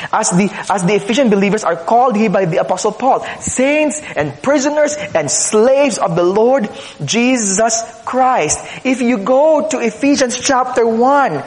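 A man preaching a sermon as pastor, teaching earnestly with rhetorical questions and repeated phrases. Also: very high-pitched. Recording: echoey hall, long reverb.

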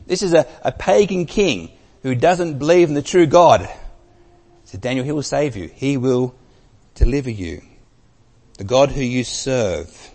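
A man preaching a sermon, telling a story with emphasis and dropping from loud to very soft. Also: medium pitch, animated, a little slow, long pauses. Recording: long reverb of a large hall.

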